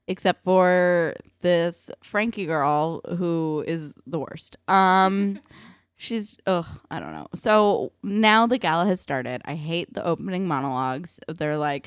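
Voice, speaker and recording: A young woman co-hosting a casual TV recap chat, animated and acting out characters' lines as she goes. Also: on the low side, unhurried, clear, resonant tone, no room sound, clean studio sound. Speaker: podcast co-host.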